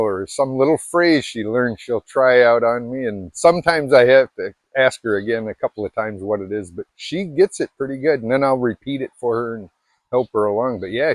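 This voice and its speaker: A man's voice: medium pitch, no echo. A middle-aged man from Alaska chatting casually to camera, rambling and self-deprecating with many restarts. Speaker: vlogger.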